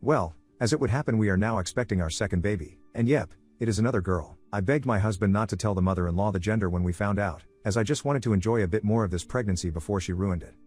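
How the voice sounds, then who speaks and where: A man reading a first-person story aloud as scripted narration at an even, quick clip. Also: fairly low pitch, breathy edge. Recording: narration over faint background music.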